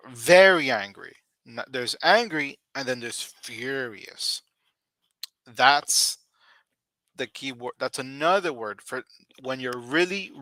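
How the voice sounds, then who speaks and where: A man teaching English vocabulary on a live stream, speaking slowly and deliberately and repeating key words for his learners. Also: medium pitch, bright, forceful tone, dry recording.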